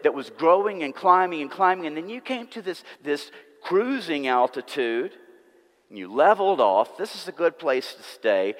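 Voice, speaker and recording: Earnest male preacher in a reverberant hall. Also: medium pitch. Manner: earnest, emphatic, repeats words for stress. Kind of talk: sermon. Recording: long reverb of a church hall.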